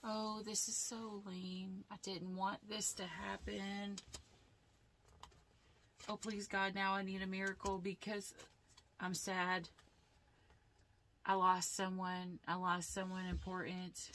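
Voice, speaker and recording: A woman's voice: mid-range voice, completely flat delivery, takes it slowly, pauses often, a bit bright, slight background noise. A woman voicing a whiny, self-pitying woman who plays the victim, in a mock-innocent tone.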